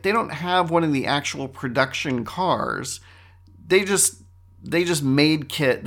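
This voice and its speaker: A man's voice: mid-range voice, a bit bright. A middle-aged man hosting a casual, rambling monologue, talking conversationally and often correcting himself. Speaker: host.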